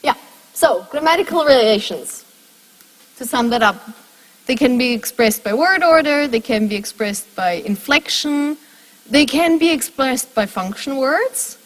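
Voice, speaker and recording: High, breathy woman lecturing. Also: lively intonation, unhurried, long reverb tail, rough recording. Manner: explains step by step and asks the class questions. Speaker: university lecturer. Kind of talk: lecture to a class.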